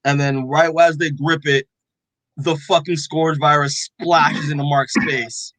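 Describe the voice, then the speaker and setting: A man in casual chat, recapping a story and slipping into everyone's lines along the way. His voice sits a touch high and he keeps circling back with fillers. The sound is dry and close. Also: steady tone, a little slow, fairly bright tone, dry recording, rough recording. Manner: rambling, full of "like" and quoted dialogue. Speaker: podcast co-host recapping comics.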